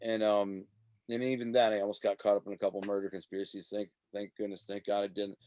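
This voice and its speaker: A man who was once a mob associate, telling his story in a casual interview. He talks in a profane, animated way and acts out the voices of the people in his stories. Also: on the low side, quick pace, no room sound. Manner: animated, profane street talk.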